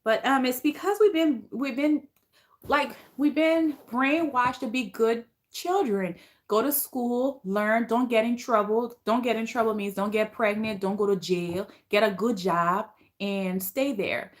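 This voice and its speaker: A woman's voice: on the high side, measured pace. Liberian lady hosting a livestream, chatty, reads comments out and riffs on them. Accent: Liberian English. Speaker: livestream host reading viewer comments. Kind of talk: casual livestream chat.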